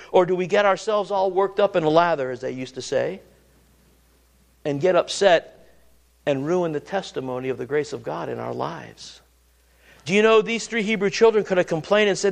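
Male preacher with a high-pitched voice, earnest, sermon cadence full of restarts. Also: normal speed, creaky. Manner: earnest, repeats and restarts words, rises and drops pitch for emphasis.

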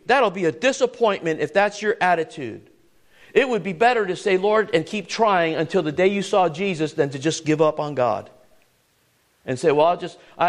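A man preaching a sermon, full of rhetorical questions and scripture read in old-fashioned wording, stumbling and repeating words as he drives his points home. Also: high voice. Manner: emphatic, rhetorical questions, swings to hushed tones; repeats words and restarts often.

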